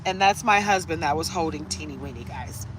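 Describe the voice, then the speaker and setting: Woman from Detroit, live-stream host, animated and giggly, very lively pitch, webcam sound. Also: fairly quick, a little hiss or hum. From Detroit, USA. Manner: animated, greets viewers by name, laughs often. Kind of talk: casual live-stream chat.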